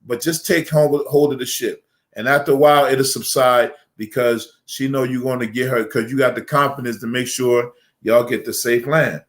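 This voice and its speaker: A man's voice: mid-range voice, steady tone, moderate pace. A middle-aged man, an imam on a panel, giving casual, joking marriage advice with lots of fillers. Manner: joking, folksy, many fillers.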